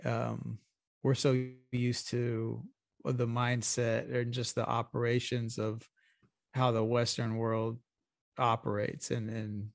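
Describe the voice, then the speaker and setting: A man co-hosting a podcast at an average pitch, talking loosely and swearing as he goes. His thoughts stop and restart midway. The sound is dry and close, with no room echo. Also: completely flat delivery, takes it slowly, gravelly. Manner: profane, rambling, with restarts. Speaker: podcast co-host. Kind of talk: casual chat.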